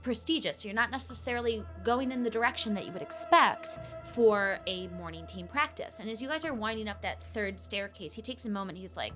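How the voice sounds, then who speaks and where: A woman's voice: mid-range voice, expressive, brisk, few pauses, fairly bright tone, faint music behind. A woman running a tabletop game as game master, narrating in a casual, rambling way full of fillers.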